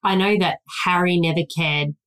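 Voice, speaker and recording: A woman's voice: lowish voice, steady tone, moderate pace, a bit bright. A woman co-hosting a parenting podcast, speaking frankly and earnestly in casual chat. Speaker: podcast co-host, guest's wife.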